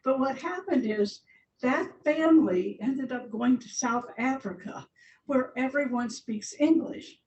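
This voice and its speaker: Her voice a little slow and darkish, an older woman talks casually about her slides as a guest speaker in a large church hall, laughing often. The recording sounds muffled and echoey, from a distant mic with a faint rumble underneath.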